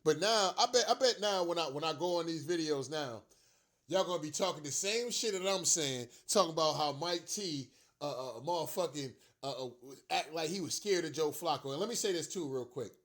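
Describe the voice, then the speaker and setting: A man's voice: on the high side, animated, brisk, fairly bright tone. Fired-up man in a profane sports rant. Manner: profane, emphatic, repeats himself. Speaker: sports fan commentator.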